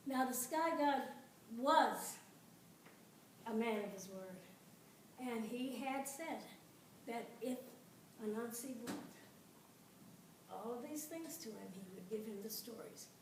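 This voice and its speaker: A woman telling a folktale to an audience, dramatic and expressive, with pauses and repetition. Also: on the high side, recorded from a distance, a little hiss or hum. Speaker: storyteller. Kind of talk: live folktale storytelling. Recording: echoey room, voice from afar.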